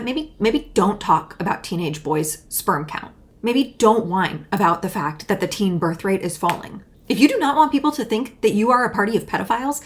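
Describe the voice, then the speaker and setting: Young woman ranting about politics, fired up, sarcastic, talks straight to camera. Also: mid-range voice. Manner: heated, indignant, sarcastic. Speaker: political commentator. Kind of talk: reacting to clips, commentary.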